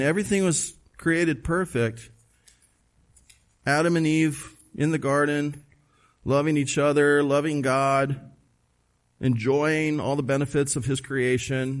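A man preaching a sermon, emphatic and conversational, asking the listeners questions and reading scripture aloud. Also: mid-range voice. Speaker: pastor.

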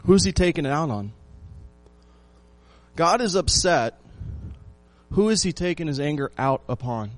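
A man preaching a sermon, asking his listeners rhetorical questions and repeating phrases for emphasis, swinging between loud lines and hushed ones. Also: a little high, expressive, unhurried, pauses often, no room sound, soft background music. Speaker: pastor.

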